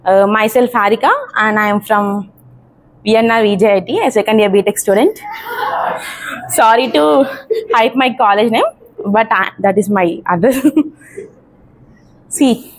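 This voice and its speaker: A woman's voice: medium pitch, unhurried, long pauses, slight background noise. A woman, a student giving an earnest, slightly shy open mic speech into a handheld mic. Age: 20s. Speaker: student speaker.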